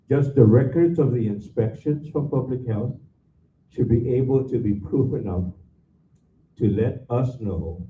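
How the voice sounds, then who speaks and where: A man serving on a school board, giving measured, halting remarks with fillers at a public meeting. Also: on the low side, slight background noise. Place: meeting hall. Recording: echoey room, far from mic, tinny.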